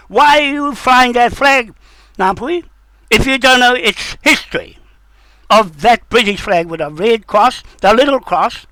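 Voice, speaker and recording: A man's voice: high voice, pushed and bright, no room sound. An older man, delivering an indignant, rambling monologue full of accusations and repeated points. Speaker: self-styled sovereignty advocate.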